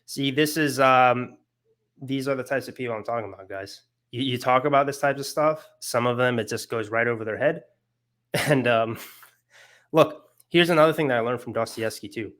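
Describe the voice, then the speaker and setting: An earnest young man gives a loose, conversational lecture. His voice sits at an ordinary middle pitch, and he piles up fillers and restarts as the ideas carry him along. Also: normal speed, a bit bright. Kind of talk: casual lecture on philosophy.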